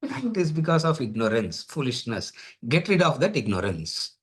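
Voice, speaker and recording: A man's voice: medium pitch, big pitch swings, a bit bright, breathy edge. A man giving a spiritual lecture, asking rhetorical questions, laughing often and drawing out chanted words. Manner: drawn-out chanting of Sanskrit words. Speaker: Vedanta teacher.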